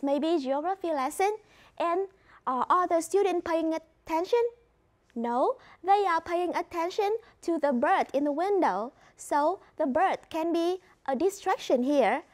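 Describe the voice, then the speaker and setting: A woman with a Vietnamese accent teaching an English reading lesson in a clear, instructive way. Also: very high voice, darkish tone. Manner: clear, instructive, mixes in explanations in her first language. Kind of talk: classroom lesson.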